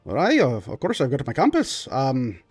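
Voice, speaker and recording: A man's voice: medium pitch, wildly swooping pitch, moderate pace, breathy edge, dry recording, faint music behind. Man doing a stammering, nervous dwarf. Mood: flustered. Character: nervous, balding male dwarf, flustered.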